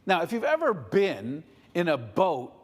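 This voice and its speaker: A man telling a story to children in a playful, animated way at a family service, addressing his listeners directly. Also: a little high, unhurried. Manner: playful, talks directly to the audience. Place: synagogue sanctuary. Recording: long reverb of a large hall.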